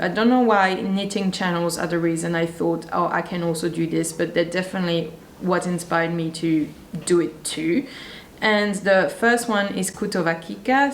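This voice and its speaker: A woman's voice: lowish voice, slight background noise. Chatty French-accented woman in an echoey room. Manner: chatty, enthusiastic, rambling asides. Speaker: sewing YouTuber. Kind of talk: casual chat to camera. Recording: roomy echo.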